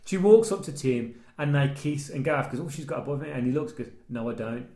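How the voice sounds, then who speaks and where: A man recapping a TV series in casual chat, animated and acting out the characters' lines. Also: mid-range voice, fairly quick. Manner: animated storytelling, acts out lines. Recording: roomy, echoey room.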